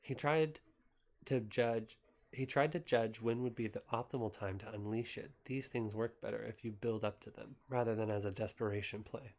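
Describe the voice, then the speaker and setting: A man casually reading a novel aloud as an amateur, relaxed and unpolished, pausing at times to recap the story in his own words. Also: fairly low pitch. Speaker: amateur reader.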